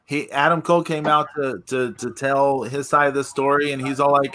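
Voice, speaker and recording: A man's voice: medium pitch, level tone, moderate pace, fairly bright tone. A man co-hosting a casual podcast, recapping events with lots of hesitant fillers. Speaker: podcast co-host.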